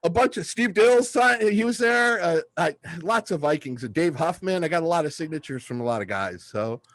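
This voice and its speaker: A man in his fifties from southern California co-hosts a casual sports podcast, spinning stories with excitement. His voice sits a little high, and the recording is dry and close. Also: normal speed, no room sound. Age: 50s. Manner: excitable storyteller, acts out quotes loudly. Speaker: podcast co-host.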